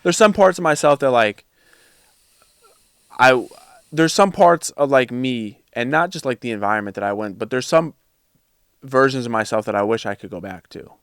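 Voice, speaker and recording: A man's voice: mid-range voice, normal speed, long pauses, a bit bright, clear, resonant tone, no echo, studio quality. A man talking casually as a podcast guest, reflective and searching for his words.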